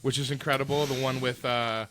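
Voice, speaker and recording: A man's voice: medium pitch, fairly quick, background noise. A man co-hosting a podcast in casual chat, telling rambling stories with lots of "like" fillers. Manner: animated rambling storyteller, many filler likes. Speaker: podcast co-host.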